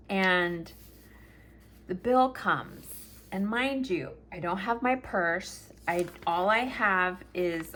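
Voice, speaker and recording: A middle-aged woman telling stories in a casual, chatty planner vlog, animated and talkative. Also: lowish voice, slight background noise. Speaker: planner vlogger.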